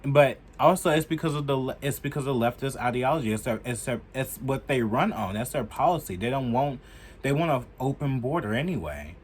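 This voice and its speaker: A young man giving heated, profane political commentary in a casual vlog, filling his talk with "like" and getting loud as he goes. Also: fairly quick, breathy edge. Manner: heated and profane, heavy use of "like"; animated, jumping in pitch and loudness.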